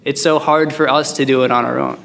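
A man's voice: mid-range voice, fairly even intonation, brisk, vocal fry, fairly bright tone. A man teaching a Bible passage in a chatty, joking way, reading verses and explaining them. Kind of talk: casual Bible study teaching. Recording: long hall reverb.

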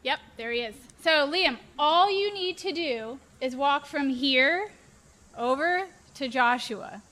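A young woman preaching to a youth group, animated and playful, acting out examples. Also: high-pitched, slow. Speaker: youth pastor.

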